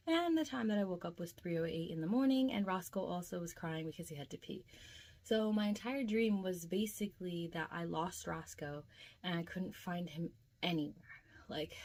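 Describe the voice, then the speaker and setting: A woman's voice: medium pitch, a little mellow. A young woman vlogging casually about a dream, chatty and emotional, with lots of filler words. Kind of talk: casual dream diary vlog.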